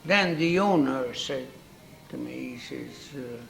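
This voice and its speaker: A man, telling an unhurried, folksy story from his working life in an interview. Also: medium pitch, expressive, vocal fry, fairly bright tone, soft background music. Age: 90s. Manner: unhurried, repeats himself, folksy phrasing. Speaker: interviewee, accordion builder. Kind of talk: reminiscing storytelling.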